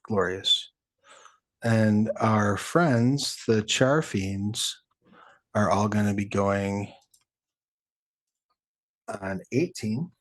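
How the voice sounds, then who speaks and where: A man running a tabletop game as game master, talking in a relaxed, chatty way with plenty of fillers. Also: on the low side, extremely slow, long pauses.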